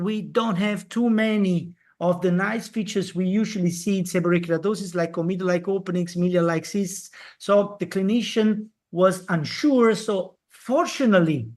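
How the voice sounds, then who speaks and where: Lecturer on a video call, mid-pitched, plenty of hesitations, checks in with "eh?" and "okay?". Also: darkish tone. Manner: halting, many fillers, tag questions like "eh?". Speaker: dermatology lecturer. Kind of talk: live online lecture.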